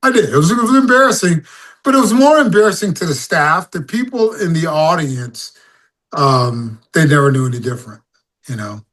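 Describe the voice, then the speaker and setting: A man's voice: a little high, normal speed. A man, a singer-songwriter guest, telling stories casually in an interview and acting out his own stage calls. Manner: animated storyteller, acts out crowd calls.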